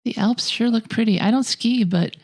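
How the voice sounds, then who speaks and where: Gravelly-voiced woman reviewing films bluntly. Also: fairly high pitch, normal speed, darkish tone. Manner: blunt, scathing criticism. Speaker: podcast co-host. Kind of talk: casual film review chat.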